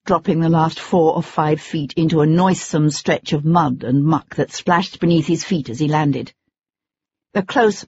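An audiobook narrator reading a tense chase scene in steady, measured storytelling. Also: medium pitch, slight background noise. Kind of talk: scripted narration. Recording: dull lo-fi recording.

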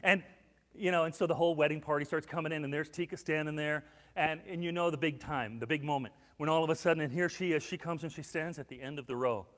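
A man preaching a sermon as pastor, telling stories with acted-out quotes and swinging between hushed and loud. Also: on the high side, fast, big-room sound. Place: church sanctuary.

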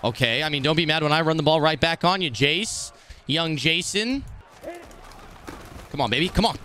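A young man gives live commentary on a football video game, his voice sitting fairly high and leaping up and down in pitch. He swears freely and flips from low grumbling to loud shouts at the screen. A faint hiss sits under the recording. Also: normal speed. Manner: excitable, swings from muttering to shouting at the game; profane trash talk.

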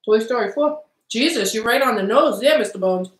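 A woman's voice: a little high, expressive, brisk, reverberant, low-quality recording. A woman co-hosting a live stream, chatting casually and reading out movie lines, laughing at herself. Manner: chatty, self-deprecating, laughs often.

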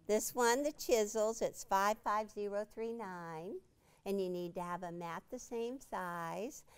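A woman leads a quilting demonstration in a studio with a small audience listening. She takes her time, talking in a relaxed, playful way and stopping to quiz the room. Her voice comes through clean and smooth. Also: mid-range voice. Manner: chatty, playful, quizzes the audience. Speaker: quilting instructor and show host. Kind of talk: live product demonstration.

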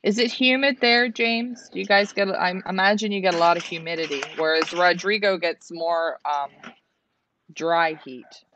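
A woman's voice: lowish voice, normal speed, fairly bright tone, dull audio, a little hiss or hum. A woman from Canada hosting a livestream, chatting and reading out viewer comments. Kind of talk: casual livestream chat.

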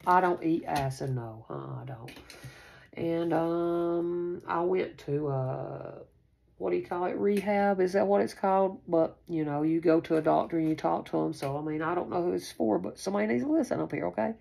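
A woman's voice: lowish voice, normal speed, gravelly, dark tone. A woman doing a casual tarot reading for her viewers, chatty and reassuring, repeating herself often. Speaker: tarot reader. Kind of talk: casual spiritual card reading to camera. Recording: noisy home recording.

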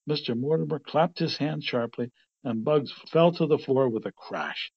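A man reading a children's storybook aloud in plain, steady narration. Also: mid-range voice, moderate pace, breathy edge, dull audio. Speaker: storybook reader.

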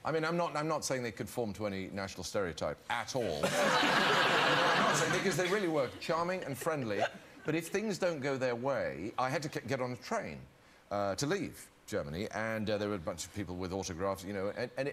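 A man's voice: mid-range voice, animated, fairly quick. An English man telling a story as a talk show guest, hesitant and self-deprecating, with many stumbling restarts. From England. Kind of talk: anecdote-telling chat. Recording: loud studio audience and noise.

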